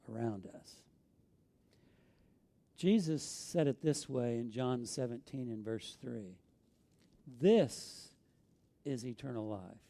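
A man's voice: fairly high pitch, mellow. A middle-aged man with an Arkansas accent, preaching a sermon as a pastor, telling stories in an earnest, folksy way.

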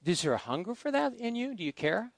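A man's voice: sits high, sing-song, fairly quick, vocal fry, no echo. Middle-aged man, pastor, folksy storyteller, voice a bit raised, dry close sound. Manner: folksy, anecdotal, swings between loud asides and quiet musing. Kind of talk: storytelling sermon. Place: church sanctuary.

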